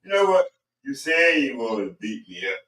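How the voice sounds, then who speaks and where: A man's voice: medium pitch, big pitch swings, moderate pace, a bit bright, distant mic. Older man ribbing from across an echoey room. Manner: profane, ribbing, stammering. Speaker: co-host husband.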